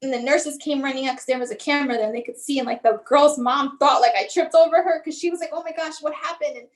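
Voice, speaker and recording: A woman's voice: sits high, fast talker, rough recording. A woman guest recounting a personal family story in a conversational, emotional way, acting out what others said and often restarting her sentences. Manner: conversational, acts out what others said, many fillers like "like"; fragmented, restarting phrasing under emotion. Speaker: guest, mother sharing her son's story.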